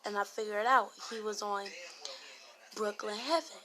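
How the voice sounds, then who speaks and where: A woman telling a casual story about an online game in a rambling way, getting louder when she quotes other people. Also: medium pitch, steady tone, normal speed, background noise. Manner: rambling retelling with raised voice when quoting others.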